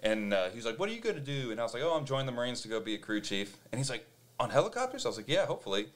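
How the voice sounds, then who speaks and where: A man's voice: lowish voice, very fast. A man hosting a podcast, telling a story in casual chat, acting out other people's voices and swearing freely. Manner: animated, acts out quoted voices, swears freely. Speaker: podcast host.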